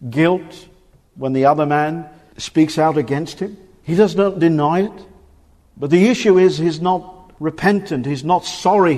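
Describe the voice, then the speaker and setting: In a reverberant church hall, a man in his forties preaches fervently, his fairly high voice swinging between emphatic declarations and hushed, grave warnings.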